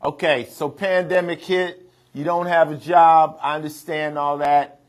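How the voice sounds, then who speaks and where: A man's voice: fairly high pitch, flat delivery, unhurried. A man hosting a TV mediation, bluntly questioning and teasing a roommate in slang. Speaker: TV mediator host. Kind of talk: TV mediation hearing.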